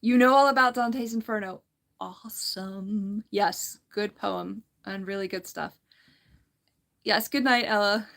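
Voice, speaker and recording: A woman's voice: mid-range voice, a little slow, creaky, a bit bright. A woman hosting a casual livestream, reading viewer comments aloud in a chatty, giggly way and often restarting her sentences. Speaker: livestream host.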